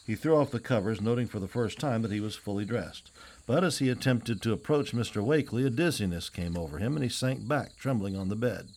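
A man reads a novel aloud in a steady, even storytelling manner, with a fairly low voice. It is plain scripted audiobook narration. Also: brisk.

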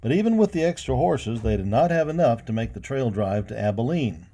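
Mellow-voiced man reading a storybook. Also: medium pitch, brisk. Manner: lively, voicing each character. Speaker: narrator. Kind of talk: storybook read-aloud.

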